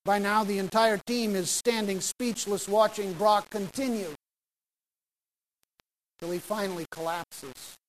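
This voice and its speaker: Pastor, exhorting sermon, punchy short phrases, faint hiss. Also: male voice, high voice, steady tone, a little slow, pauses often, low-quality recording. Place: church sanctuary.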